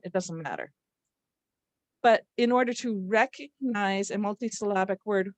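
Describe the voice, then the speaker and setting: A woman's voice: mid-range voice, dry recording. A woman literacy instructor leading a live workshop, explaining patiently and demonstrating word stress aloud. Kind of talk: live online workshop teaching.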